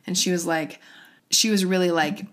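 A woman's voice: on the low side, steady tone, normal speed. Emotional woman telling a personal story. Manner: emotional, quoting others in raised voices. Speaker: host sharing a personal story. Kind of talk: casual chat, personal story.

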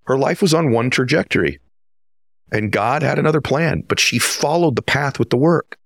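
A man's voice: medium pitch, animated, moderate pace, gravelly, dry recording, clean studio sound. A man hosting an interview, introducing his guest with earnest, emphatic storytelling. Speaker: podcast host.

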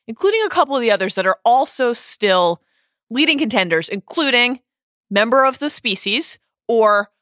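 Co-host, woman, bright bubbly delivery, dry close studio sound. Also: on the high side, animated, no room sound. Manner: bubbly, laughs often, quick bursts. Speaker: podcast co-host. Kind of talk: casual podcast chat.

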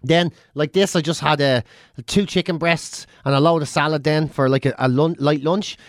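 An Irish man trades banter on a podcast, cursing through nearly every sentence and acting out sounds for effect. His voice sits on the high side for a man. The recording is dry and close, with no room sound. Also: moderate pace, no echo. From Ireland. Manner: swears constantly, animated rants with mimicked drum sounds. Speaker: podcast co-host. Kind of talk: casual chat.

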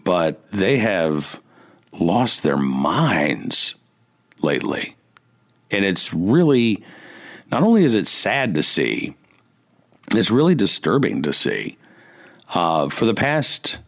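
A man hosting a radio talk show, musing in a halting way with many fillers, wry and indignant. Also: low-pitched. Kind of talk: casual radio monologue. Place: radio studio.

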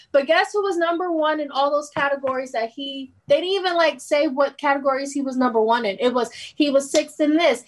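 A woman with a high-pitched voice, captured in a rough recording, co-hosts a casual sports podcast. She rants heatedly about an award and laughs between her points.

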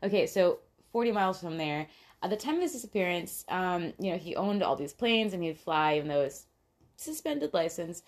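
Low-voiced giggly young woman podcaster. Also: lively intonation, normal speed. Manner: chatty and giggly, frequent fillers and profanity. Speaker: podcast co-host. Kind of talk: casual true-crime podcast chat.

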